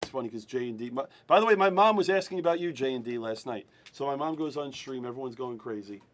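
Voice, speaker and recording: A man hosting a live-streamed card break, excitable and talking over the others, repeating himself. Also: medium pitch, fast talker.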